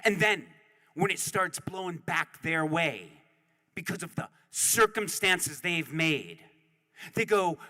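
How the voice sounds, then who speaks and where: A man's voice: a little high, expressive, slow, bright, forceful tone. Indignant man in a reverberant hall. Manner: indignant, preaching, mocking. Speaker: public commenter. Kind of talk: impassioned public comment. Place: city council chamber.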